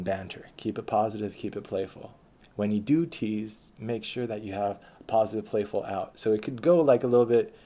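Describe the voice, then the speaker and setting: A man's voice: on the low side, dark tone. A man telling a rambling autobiographical story in a casual, profane way, with many restarts and fillers. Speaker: storyteller recounting his dating life.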